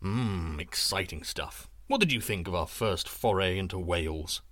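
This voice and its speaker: Male podcast host, wry scripted outro, lively intonation, dry close sound. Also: sits low, moderate pace, dry recording.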